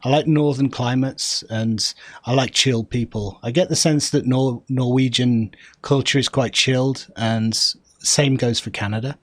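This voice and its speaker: A man's voice: mid-range voice, fairly even intonation, unhurried. A man with a Yorkshire-Lancashire accent, rambling and thinking aloud in wry, joking gameplay chat. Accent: Yorkshire-Lancashire northern English. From north of England. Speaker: gaming streamer playing an online game. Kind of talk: casual gameplay commentary and chat.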